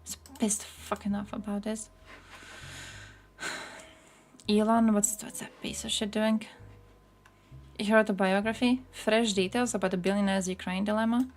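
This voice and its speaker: A woman's voice: medium pitch, level tone, a little slow, pauses often. A woman streaming from home, giving casual, heated commentary full of swearing and short laughs. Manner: angry, profane, laughing asides.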